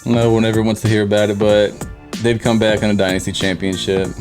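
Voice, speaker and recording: Lowish voiced young dude hosting a sports podcast, teasing, dry jokes. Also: male voice, little pitch movement, fast, music in the background. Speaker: podcast host. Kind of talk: casual sports chat.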